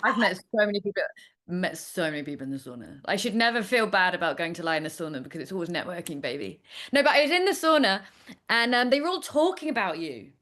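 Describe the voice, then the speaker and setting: A woman's voice: lowish voice, big pitch swings, quick pace, fairly bright tone. Chatty woman telling playful stories. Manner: chatty storyteller, playful and candid. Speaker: astrologer guest. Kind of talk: casual interview chat.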